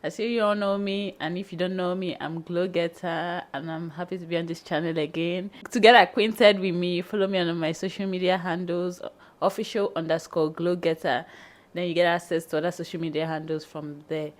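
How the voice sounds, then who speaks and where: A woman's voice: lowish voice, steady tone, a little fast. A young woman from Nigeria, a guest on a vlog, chatting eagerly about her trip and repeating herself. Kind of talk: casual chat.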